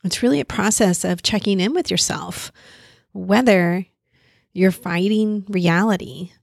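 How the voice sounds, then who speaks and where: A woman's voice: medium pitch, unhurried, gravelly, no room sound, clean studio sound. A woman therapist explaining a coping skill in a casual, conversational way, thinking aloud as she goes. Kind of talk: casual teaching talk.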